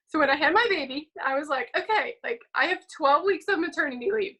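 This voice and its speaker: A young woman speaks on a video call in an upbeat, chatty way, with lots of casual fillers. Her voice sits a little high and has a bright, forward ring. She talks like she's encouraging a team. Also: lively intonation, a little fast, few pauses, poor audio. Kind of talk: casual motivational call talk.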